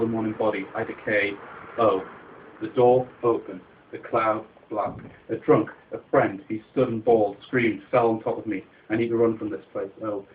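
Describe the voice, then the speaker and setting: Male poet, dramatic and incantatory live performance; low voice, muffled recording with faint hiss. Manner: dramatic, incantatory, repeating refrains. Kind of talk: live spoken-word poetry performance.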